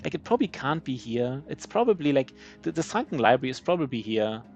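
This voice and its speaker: A man's voice: medium pitch, big pitch swings, fast, a little mellow, dull audio, soft background music. A man with a German accent, a native German speaker, giving live gameplay commentary in a rambling, self-mocking way with many restarts. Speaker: streamer.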